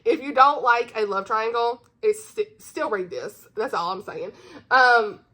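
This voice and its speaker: A woman's voice: fairly high pitch, unhurried, sharp tone. A woman hosting her own channel, chatting casually and bubbly about books she recommends, giggling often. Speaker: book reviewer, channel host. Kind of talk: casual book-recommendation chat.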